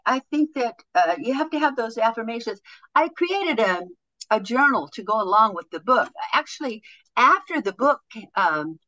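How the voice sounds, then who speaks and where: A woman guest on a podcast, a motivational speaker and author, telling stories in an animated way and acting out quoted voices. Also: mid-range voice, muffled recording. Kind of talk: conversational podcast interview.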